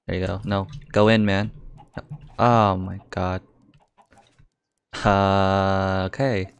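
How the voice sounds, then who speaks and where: A young man with a lowish voice talks through his game as he plays. He thinks out loud, then breaks into sudden exclamations and curses. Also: level tone, takes it slowly, creaky, clear, resonant tone. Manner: reactive, swears and exclaims often, thinks aloud. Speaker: gaming YouTuber. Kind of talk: live game commentary.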